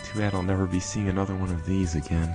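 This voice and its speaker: A man putting on a soft voice for a frightened young woman who is trapped, reading game dialogue aloud. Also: low voice, little pitch movement, fast, voice pushed up, close to an everyday voice. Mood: despairing. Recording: faint game music behind.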